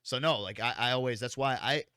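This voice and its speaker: Brisk and mid-range, the young man's voice comes through clean studio sound without any room noise. As a podcast co-host, he's telling a story in relaxed conversation, cursing often and animatedly acting out what others said.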